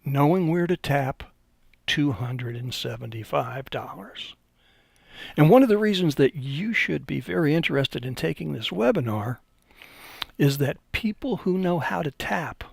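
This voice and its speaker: A man's voice: on the high side, creaky, slightly rough, no echo. A man giving an unscripted hydraulics webinar, telling folksy stories with some hesitations. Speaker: hydraulics instructor.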